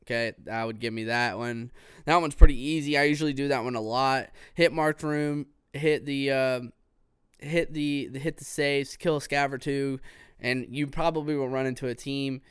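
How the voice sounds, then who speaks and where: A man hosting a casual solo podcast, rambling in a relaxed way with plenty of fillers. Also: mid-range voice, normal speed, clean tone, no echo, studio quality. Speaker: podcast host. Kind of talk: casual solo gaming talk.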